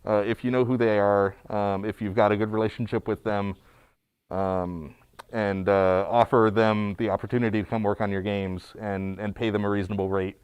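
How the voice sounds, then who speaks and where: A man's voice: fairly low pitch, level tone, normal speed, darkish tone, clean tone, no room sound, highs cut off. A man who is a guest pinball technician, chatting casually on a livestream with many fillers and restarts. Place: small studio.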